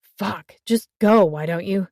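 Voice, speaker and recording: A woman voicing a gruff, sullen bearded man with a hurt hand, speaking curtly in an audiobook. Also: mid-range voice, slow pace, darkish tone, no echo, studio quality. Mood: angry. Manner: growling, curt, sullen. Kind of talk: audiobook character voice.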